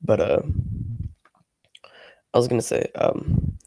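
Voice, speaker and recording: An ASMR channel creator rants casually on a livestream, speaking slowly in a dark-toned voice with no echo. He rambles and sounds frustrated, filling his talk with filler words and swearing freely.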